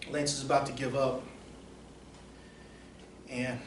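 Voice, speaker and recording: A man acting as a motivational coach, telling stories in an emphatic, repetitive way that swings between soft and loud. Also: mid-range voice, level tone, normal speed, pauses often. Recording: roomy echo, distant mic, faint noise.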